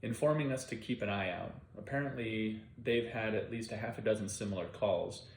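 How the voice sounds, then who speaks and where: A man's voice: lowish voice, a little fast, slight background noise, lightly acted. A man voicing a young, eager, by-the-book male police officer who speaks in clipped radio jargon. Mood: formal. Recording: roomy echo.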